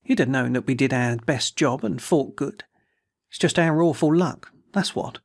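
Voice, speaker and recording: A man's voice: mid-range voice, moderate pace, gravelly. A man voicing a hot-tempered young male soldier talking bluntly in a storybook reading. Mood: exasperated. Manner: blunt, exasperated country talk.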